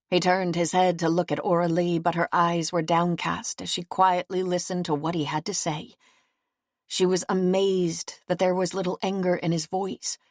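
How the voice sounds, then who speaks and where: A woman narrates an audiobook in a steady, even manner, her voice lower than most. The recording is dry and close, with no room sound. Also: moderate pace, no echo. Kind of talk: scripted narration.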